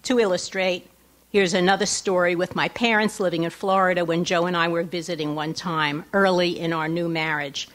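A woman's voice: on the low side, steady tone, normal speed, a bit bright. Wry middle-aged woman reading her essay aloud. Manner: wry, laughs at her own asides. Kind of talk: live reading with asides to the audience. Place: lecture hall before an audience.

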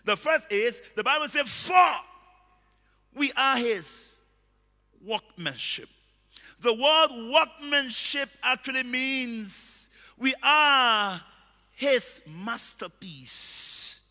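A man preaching a sermon, emphatic and repetitive, bursting into shouted words. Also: very high voice, takes it slowly, in a large hall. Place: church hall.

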